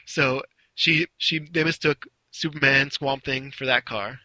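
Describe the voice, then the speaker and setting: A man's voice: medium pitch, steady tone, measured pace, bright, forceful tone, no echo, poor audio. A man casually telling a long story, rambling a little and acting out the quotes. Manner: rambling, with restarts and acted-out quotes.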